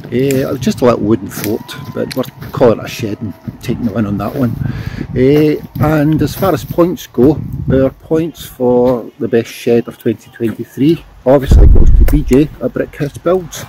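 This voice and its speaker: A man's voice: medium pitch, moderate pace, noisy background. A Scottish man outdoors in a town, giving a friendly greeting with wry humor. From Scotland. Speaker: guest giving points. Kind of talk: casual video greeting.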